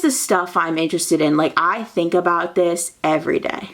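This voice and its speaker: Low-voiced woman gushing about history. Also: steady tone, moderate pace, hardly any pauses. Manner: gushing asides with playful mock dialogue. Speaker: history video narrator. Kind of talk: casual history narration, reading old news aloud.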